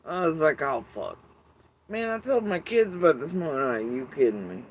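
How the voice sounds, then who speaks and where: His voice is on the high side and sing-song, at normal speed, captured in a rough recording with slight background noise. The middle-aged YouTube commentator rambles casually to his audience, swearing freely, wry and meandering with fillers.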